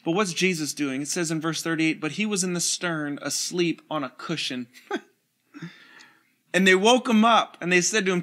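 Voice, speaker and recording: A man preaching an online sermon and reading scripture, energetic and casual, with slangy asides and chuckles. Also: on the high side, normal speed. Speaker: pastor.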